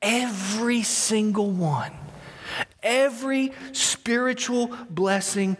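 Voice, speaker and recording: A man preaching a sermon in a high, lively voice, repeating himself as he builds and calling on the congregation to answer. His words ring out with the long reverb of a large church hall. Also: a little slow. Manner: animated, repeats words, talks directly to congregation. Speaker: pastor.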